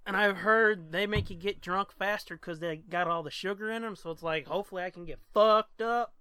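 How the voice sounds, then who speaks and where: A man's voice: high-pitched, a little fast, bright, forceful tone, clean tone, no echo. A man co-hosting a podcast in casual chat, joking and swearing freely, easily sidetracked. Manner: profane, joking, easily distracted. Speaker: podcast co-host.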